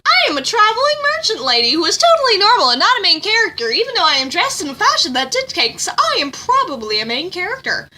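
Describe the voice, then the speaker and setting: A woman voicing a chatty female traveling merchant who rushes and overexplains. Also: extremely high pitch, sing-song, pushed and bright, pitched above the performer's own voice, heavily acted. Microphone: phone.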